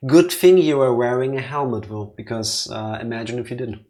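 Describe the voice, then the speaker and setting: A man co-hosts a game stream in loose, joking chat. He keeps asking his friends questions, his voice at an everyday middle pitch. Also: steady tone, brisk, dark tone. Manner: chatty, jokey, asks lots of questions. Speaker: co-host of a let's play. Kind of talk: casual chat.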